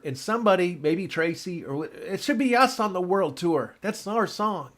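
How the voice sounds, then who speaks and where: A man's voice: high-pitched, lively intonation, normal speed, hardly any pauses, fairly bright tone. A man in casual chat, rambling through a script recap and acting out characters' lines.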